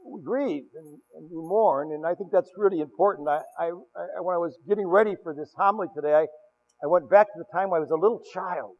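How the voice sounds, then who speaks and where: An older pastor with a high-pitched voice preaches fairly quickly in a large church, telling stories animatedly with many restarts and repeated words. The recording is dull and lo-fi, with church echo.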